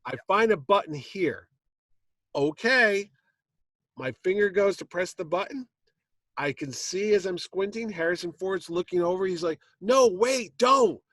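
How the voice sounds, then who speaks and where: A man with a high voice tells a lively story at a normal speed from a convention stage, where he's hosting a comic con panel. He acts out plenty of quotes as he goes, and the recording has no room sound.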